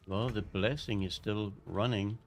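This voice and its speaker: Male streamer, casual let's-play chatter, deep voice, rambling and halting. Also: fairly even intonation, slight background noise. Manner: rambling, halting, self-correcting. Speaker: gaming streamer.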